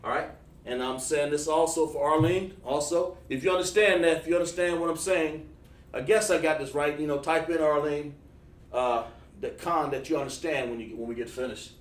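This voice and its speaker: Man, casual livestream teacher, rambling and chatty, slightly high voice, echoey room, off-mic. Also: moderate pace, recorded from a distance. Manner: loose and chatty, drawing on a board while talking to viewers.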